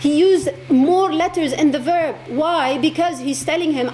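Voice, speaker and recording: A woman's voice: sits high, unhurried, hardly any pauses, darkish tone, slight background noise. A woman giving an impassioned religious talk to an audience, repeating words for emphasis. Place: lecture hall.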